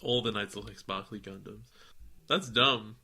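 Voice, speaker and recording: Bright-voiced man co-hosting, laughing often. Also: on the low side, a little slow. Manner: laughs often, breaks into silly put-on accents. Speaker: podcast co-host. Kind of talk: casual chat reading listener mail.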